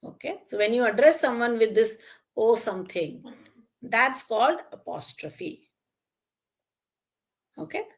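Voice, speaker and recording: A woman's voice: a little high, animated. A woman teaching an online exam-prep lesson, praising students by name and asking the class questions. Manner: slow and deliberate, draws out key terms and examples. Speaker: English teacher.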